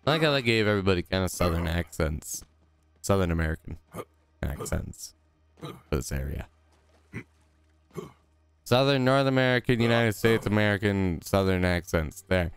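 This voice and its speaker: A man's voice: lively intonation, normal speed, pauses often, smooth, no room sound. A young man commentating his own video game play, rambling and joking to himself. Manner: goofy, silly rambling with sudden high squeals. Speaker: gaming YouTuber.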